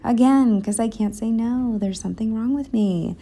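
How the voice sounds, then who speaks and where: A woman's voice: on the high side, normal speed, warm tone. A young woman narrating a planner vlog in a candid, rambling, self-deprecating way, slightly out of breath. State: a bit out of breath. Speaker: planner vlogger. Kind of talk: casual voice-over narration.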